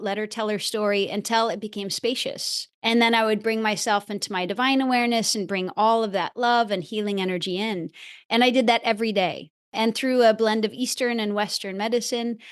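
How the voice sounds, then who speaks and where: A woman guest on a podcast, speaking with earnest feeling. She leans on key words and lets them stretch. Her voice sits at an ordinary middle pitch for a woman. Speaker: podcast guest, spiritual teacher. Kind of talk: reflective interview talk.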